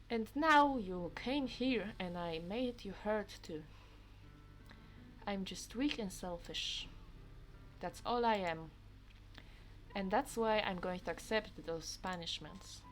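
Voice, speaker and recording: A woman voicing Sayori, a quiet tearful teenage girl. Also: mid-range voice, close to an everyday voice. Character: tearful teenage girl, gentle and self-blaming. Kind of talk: reading a visual novel aloud.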